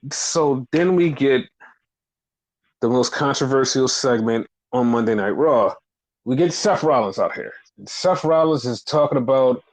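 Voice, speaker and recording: A man co-hosting a casual wrestling podcast, talking fast and loose with lots of swearing, jumping up high when he acts out quotes. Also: low-quality recording. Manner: animated, profane, acts out quotes. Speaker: podcast co-host.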